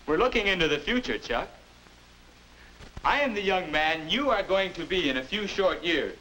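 A man's voice: sits high, normal speed, slight background noise, rough recording. An actor playing a friendly young man who is the boy's future self, earnestly explaining manners in a 1950s educational film. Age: young adult. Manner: earnest, instructive, lively. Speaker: narrator and guide.

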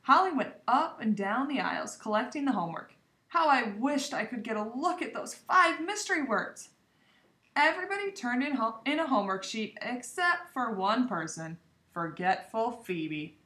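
Lively woman reading a storybook aloud. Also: on the high side, normal speed, reverberant. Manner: lively expressive storytelling, voicing the hamster narrator. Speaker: reader. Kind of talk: reading a children's chapter book aloud.

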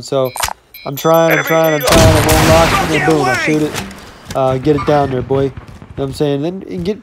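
A man's voice: fairly high pitch, a little fast, heavy background noise. A man in his twenties, a gaming YouTuber, talking through his gameplay in a casual, upbeat way and often saying "you know what I'm saying".

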